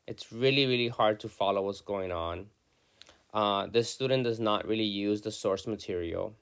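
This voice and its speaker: A man's voice: on the low side, clean tone. A man teaching a class, reading a student's narrative aloud and stopping often to point out problems in its structure and dialogue. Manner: reads student text aloud then comments, with many restarts.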